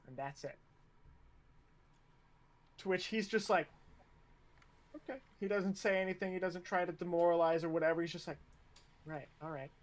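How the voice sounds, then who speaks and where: A man narrating a tabletop game as game master, relaxed and stop-start with fillers. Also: sits high, a little fast, long pauses.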